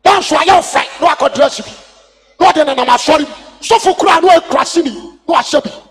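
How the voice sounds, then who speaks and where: A man with a Ghanaian accent preaching a sermon as an evangelist, impassioned and shouting, calling for responses from the congregation. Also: very high-pitched, fairly quick. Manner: impassioned, shouting call-and-response preaching mixing two languages. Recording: long hall reverb.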